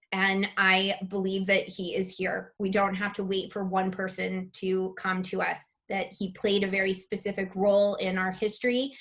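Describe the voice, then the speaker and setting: A woman's voice: mid-range voice, fairly bright tone. A woman presenting a live online spiritual masterclass, reading chat comments aloud and gushing over them with open emotion.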